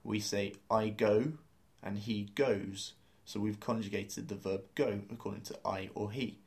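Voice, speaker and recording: A man's voice: on the low side, fairly even intonation, measured pace, vocal fry, darkish tone. A man teaching a beginner language lesson, explaining grammar step by step and spelling out words letter by letter.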